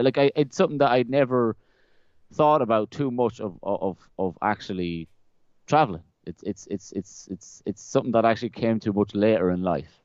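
A man's voice: on the low side, moderate pace, darkish tone, smooth, dry recording. A young man, a podcast guest, telling stories in a loose, rambling way, often repeating words and laughing. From Ireland. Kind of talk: casual conversational storytelling. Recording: slightly dull, dry close-mic sound.

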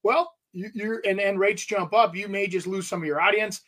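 Lively high-voiced realtor man. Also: moderate pace. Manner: animated, jokey, laughs while telling stories. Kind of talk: casual storytelling chat.

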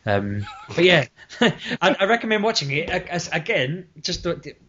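A man's voice: fairly high pitch, big pitch swings, normal speed, fairly bright tone, slightly rough. A man hosting a casual podcast chat, telling long rambling stories and often laughing at them himself. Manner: rambling storyteller, laughs at his own stories. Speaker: podcast host. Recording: lo-fi podcast audio.

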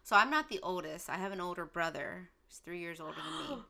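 A woman's voice: on the low side, sing-song, fairly quick, gravelly, sharp tone. A young woman in casual chat, recalling growing up with siblings and hesitating often.

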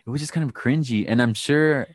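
A man's voice: medium pitch, a little fast, dry recording, studio quality. A young man co-hosting a podcast in casual chat, gossipy and sassy. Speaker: podcast co-host.

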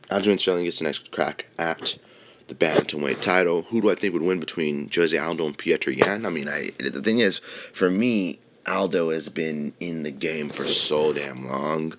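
A man's voice: extremely low pitch, moderate pace, a bit bright, slight background noise. A man talking casually as a podcast host, rambling with lots of fillers and swearing freely. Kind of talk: casual opinion talk on mixed martial arts.

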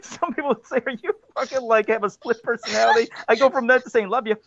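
A man's voice: very high-pitched, fairly even intonation, fast, vocal fry, a bit bright, no room sound, lo-fi sound. A man co-hosting a podcast, laughing and cussing in casual chat. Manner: laughing, cussing, self-mocking. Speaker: podcast co-host.

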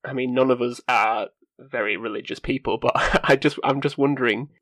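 A man's voice: mid-range voice, steady tone, normal speed, a bit bright, dry recording. A man hosting a casual film podcast, joking wryly and laughing through his lines. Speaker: podcast host presenting news segment.

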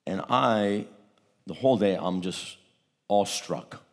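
A man's voice: fairly low pitch, slow. A man preaching a testimony sermon, telling a story with repeated words and a voice that swells at its peaks.

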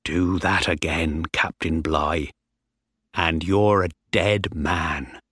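A man voicing a sailor who speaks with quiet, low menace. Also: expressive, slow, dry recording, clean studio sound, exaggerated voice. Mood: menacing.

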